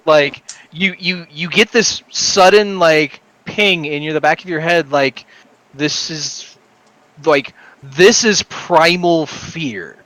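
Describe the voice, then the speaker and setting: A man narrating as dungeon master, halting and repeating himself with many fillers. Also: on the high side, fairly bright tone, no echo, poor audio. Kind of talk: narrating a tabletop game.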